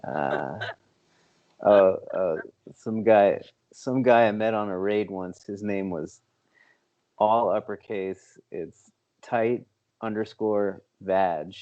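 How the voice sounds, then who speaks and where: A man co-hosting a podcast in casual chat, reading items out in a deadpan, drawn-out way. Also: on the low side, dull audio. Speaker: podcast co-host.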